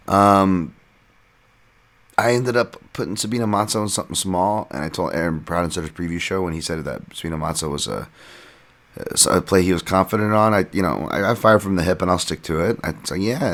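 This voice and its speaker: A man's voice: deep voice, a bit bright. A man hosting a podcast, casually recapping fights in a rambling, self-deprecating way with lots of fillers. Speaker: podcast host and fight analyst.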